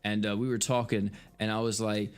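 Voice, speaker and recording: A man's voice: on the low side, flat delivery, fairly quick, clean tone. An American man in his twenties, a game streamer telling a story in casual chat, exasperated, swearing freely and laughing as he goes. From United States. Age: 20s.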